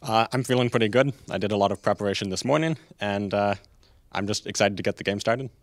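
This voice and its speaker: A man answering as a tournament finalist, calm and confident. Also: on the low side, fast talker, no room sound. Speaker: finalist player. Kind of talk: interview answers.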